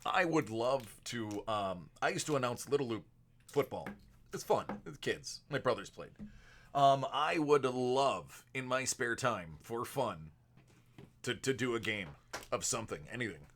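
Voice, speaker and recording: Guy hosting a card stream live, casual and chatty, middle pitch, flips into a big announcer-y voice sometimes. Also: lively intonation, unhurried. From United States. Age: adult with a young son. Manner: chatty, answers viewers by name; shifts between a projected announcer voice and a softer normal voice. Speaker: card-break stream host.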